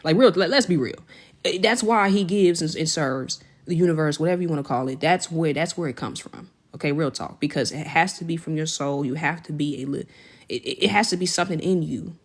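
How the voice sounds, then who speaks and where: Woman streamer chatting w her viewers, kinda low voice, slangy and gushy, shouting ppl out. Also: brisk. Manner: effusive, slangy, greets and shouts out viewers by name; jumps to high excited pitch when celebrating. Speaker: livestream host. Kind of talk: casual livestream chat with viewers.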